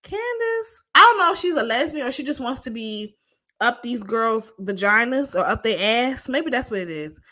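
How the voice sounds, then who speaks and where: Blunt, bright-voiced woman recapping TV. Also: on the high side, expressive. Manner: blunt, profane and sassy, quick asides. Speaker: reality TV recap commentator. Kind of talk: casual opinionated recap.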